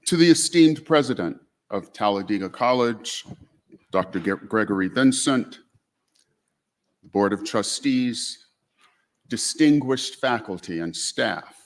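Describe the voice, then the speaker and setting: A man giving a keynote address at a college convocation, opening in a measured, courteous way with thanks and acknowledgments. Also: on the low side, lively intonation. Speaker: keynote speaker. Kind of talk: formal speech remarks.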